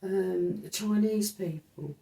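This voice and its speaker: A woman's voice: mid-range voice, takes it slowly, warm tone, roomy sound. A middle-aged woman chatting agreeably as co-host. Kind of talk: casual chat.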